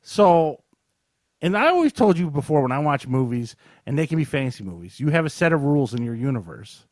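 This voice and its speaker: In clean studio sound with no echo, a man with a fairly high voice briskly co-hosts a podcast. He casually and animatedly retells a movie's plot for a review chat, mimicking the characters in exaggerated voices.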